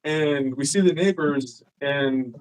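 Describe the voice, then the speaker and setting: Poor audio carries a man's fairly high-pitched, slow voice. He's a guest telling a story in a casual live-streamed chat, cursing freely and animatedly acting out people's lines.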